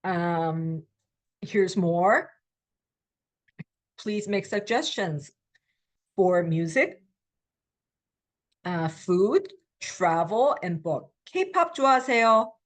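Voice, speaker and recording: A middle-aged woman teaching a recorded language lecture, patiently explaining with frequent ums, alternating slow English with quick example phrases. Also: fairly low pitch, lively intonation. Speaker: Korean language instructor.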